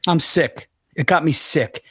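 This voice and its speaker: A man with a fairly high voice chats casually about sports picks. He is blunt and profane, and he cracks himself up. The sound is dry and close, with little room around it. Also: measured pace, bright, forceful tone, breathy edge, dry recording. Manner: blunt, profane, laughs at his own jokes. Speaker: podcast co-host.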